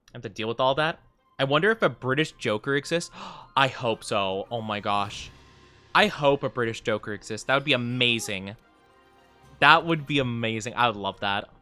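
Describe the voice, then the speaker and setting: Giggly, lively man streaming a game. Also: medium pitch, normal speed, soft background music. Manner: giggly, rambling, playful. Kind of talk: casual live-stream chat while gaming.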